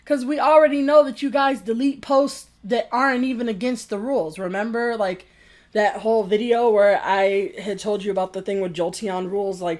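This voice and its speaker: A woman's voice: mid-range voice, steady tone, moderate pace, a little mellow. A woman vlogger giving a profane, exasperated and mocking rant about forum rules. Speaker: game reviewer vlogger. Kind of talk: angry rant commentary.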